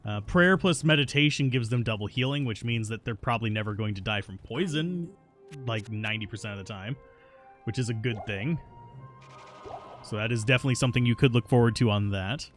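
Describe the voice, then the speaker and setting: With faint music behind him, a male streamer gives casual live gameplay commentary, chatting and fielding viewer questions between plays. He talks a little fast in a mid-range, slightly bright voice, sounding stubborn yet self-mocking.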